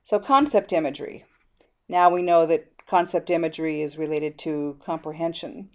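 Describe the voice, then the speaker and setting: A woman's voice: sits low, normal speed. A middle-aged woman giving a teaching presentation, explaining steps and acting out the prompts she gives students. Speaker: educator presenting a reading method.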